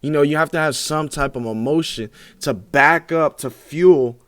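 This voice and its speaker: A young man reacting to clips, rambling excitedly with lots of fillers. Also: a little high, normal speed, clear, resonant tone, no echo. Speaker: reaction video host. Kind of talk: casual reaction commentary.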